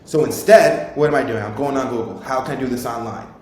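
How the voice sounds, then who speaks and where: A man's voice: fast, darkish tone. A young man in his twenties, a podcast host telling a rambling, informal personal story and swearing freely. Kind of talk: casual storytelling. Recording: very echoey room, faint rumble.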